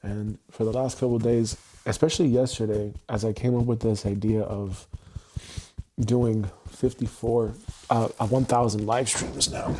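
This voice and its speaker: A man talking unscripted on a livestream, raw and emotional, halting and repeating his phrases as he restarts them. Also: fairly low pitch, little pitch movement, mellow, a little hiss or hum.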